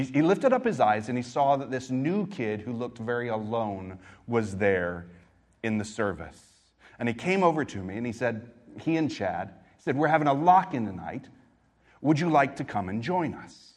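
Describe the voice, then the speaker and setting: A man's voice: mid-range voice, big pitch swings, moderate pace. Storytelling preacher man. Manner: storytelling preacher, shifts between quiet reflection and emphatic exhortation. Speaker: pastor. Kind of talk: sermon.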